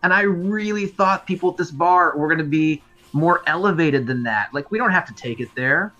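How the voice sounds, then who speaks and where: A man's voice: on the high side, normal speed, bright, forceful tone. A man playing a character in a tabletop game, speaking earnestly and casually. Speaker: player.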